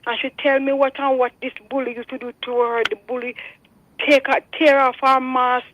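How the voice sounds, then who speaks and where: A woman's voice: high voice, little pitch movement, normal speed, a bit bright, slight background noise. An older Jamaican woman calling in to a radio show, earnestly telling her story and repeating herself like a preacher. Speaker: radio caller. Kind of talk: phone-in testimony. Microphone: telephone. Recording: phone line.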